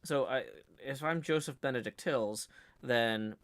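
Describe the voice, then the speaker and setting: A man's voice: mid-range voice, unhurried, a bit bright. A man chatting casually on a livestream, rambling through stories with many fillers and restarts. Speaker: streamer co-host.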